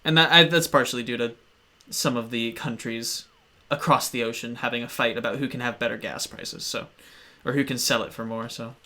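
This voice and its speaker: A man playing and streaming a game, easygoing and joking as he talks through each move. His voice has a bright, forward edge at a middle pitch. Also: fairly even intonation, brisk. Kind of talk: casual gaming chat.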